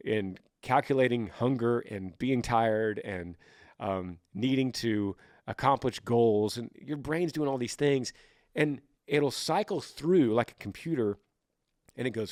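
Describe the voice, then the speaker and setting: A man's voice: medium pitch, darkish tone, dry recording. Earnest rambling man, dry close sound. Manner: rambling, earnest, repeats words while searching. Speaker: podcast host. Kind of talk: casual advice monologue.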